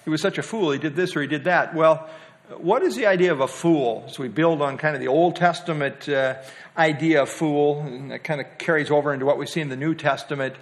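Pria guru Alkitab yang santai. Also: male voice, on the high side, brisk. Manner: conversational, many "uh" fillers, asks the group questions. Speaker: Bible study teacher. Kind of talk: Bible study teaching.

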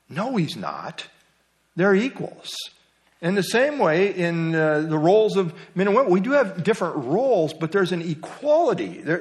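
A middle-aged man leads a Bible study class in a relaxed, chatty manner. He keeps asking his listeners questions and throws in light jokes. His voice sits a little above the usual male pitch. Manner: conversational, quizzes the class and jokes. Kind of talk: interactive Bible study lesson.

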